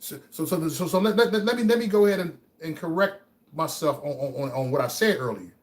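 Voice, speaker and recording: Here the livestream host sounds on the high side, brisk and expressive as he fires up his chat with a pep talk. Phrases come back again and again, words catch in a stammer, and he swings between hushed reflection and booming sermon.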